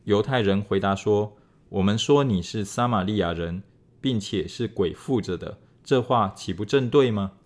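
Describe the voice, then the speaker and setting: A man reading scripture aloud in a measured, even way. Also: fairly low pitch. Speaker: scripture reader.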